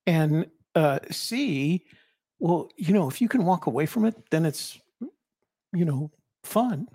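An older man talks through a casual chat in a rambling, reflective way, often restarting his sentences. His voice is gravelly and sits a little high for a man. The sound is dry, with no room echo. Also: lively intonation, slow, dark tone. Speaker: co-host and author.

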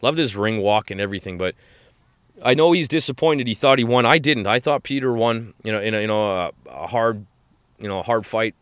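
Chatty forty-year-old man, smooth low voice. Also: a little fast, a bit bright, no echo. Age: 40s. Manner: enthusiastic, rambling with many restarts and "man". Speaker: podcast host. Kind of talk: casual fight-recap chat.

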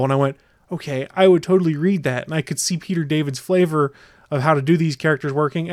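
A man with a slightly high voice hosts a casual podcast, rattling off details with eager enthusiasm. The recording is close and dry. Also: no echo. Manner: enthusiastic, fast rundowns. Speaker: podcast host. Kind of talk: casual chat.

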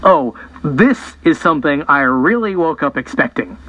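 A man's voice: on the high side, expressive, normal speed, pushed and bright, muffled recording. A man voicing a sarcastic, incredulous young woman in an audiobook. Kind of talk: audiobook character voice.

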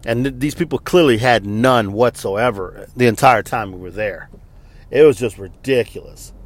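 A man's voice: medium pitch, moderate pace. A man in his forties and army veteran telling a story in a casual, profane and exasperated rant.

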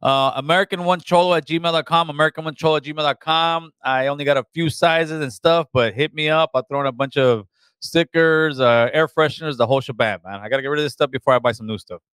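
A man's voice: a little high, quick pace, fairly bright tone, clean tone, no room sound. A man hosting a call-in talk show, speaking casually and calling callers brother. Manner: laid-back, calls people brother and man.

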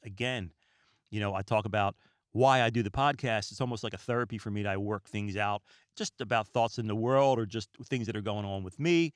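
Relaxed, rambling low-voiced man. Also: no echo, clean studio sound. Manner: rambling, stumbles over words; calm and relaxed. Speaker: podcast host. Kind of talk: casual podcast monologue. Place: small room lined with books.

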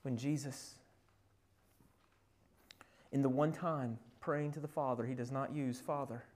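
A male pastor's sermon swings widely in volume, climbing to loud, emphatic peaks before falling to hushed, almost whispered stretches. He retells scripture conversationally, weaving in casual asides, in a medium-pitched, fairly even, unhurried voice.

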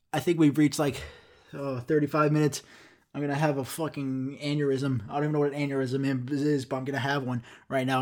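A man's voice: on the high side, darkish tone. A young man hosting a solo podcast, ranting in a profane, exasperated way and acting out the customers and himself in quoted dialogue. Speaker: podcast host. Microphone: studio microphone.

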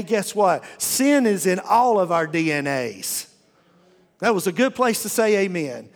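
A middle-aged man preaching from the pulpit with a high, light voice that rings out with the long reverb of a church hall. His delivery is folksy and humorous, and he often stumbles and restarts his sentences as he works the room. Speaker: pastor. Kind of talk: sermon. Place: church auditorium.

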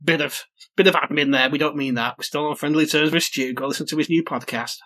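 A man co-hosting a podcast in casual chat, playful and quick to laugh. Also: a little high, fairly even intonation, bright, forceful tone. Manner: playful, laughs often, jokey asides. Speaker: podcast host.

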